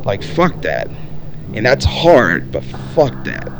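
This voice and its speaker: A man's voice: medium pitch, wildly swooping pitch, slow, background noise. A young man hosting a solo podcast, ranting in a rambling way with lots of swearing and fillers. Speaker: podcast host.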